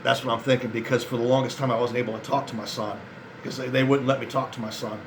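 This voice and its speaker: A weary man talks to camera with a gravelly edge in a middle-pitched voice. He rambles and swears, and he sounds frustrated and resigned. A faint air-conditioner hum sits underneath. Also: little pitch movement, fast. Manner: rambling, jumps between thoughts, swears often. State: worn out. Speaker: vlogger addressing male viewers. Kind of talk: casual spoken monologue to camera.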